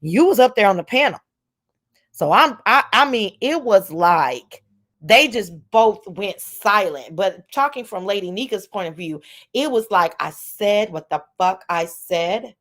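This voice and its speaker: A woman's voice: mid-range voice, lively intonation, measured pace, fairly bright tone. Sarcastic, profane woman host. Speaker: show host. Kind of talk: casual commentary chat.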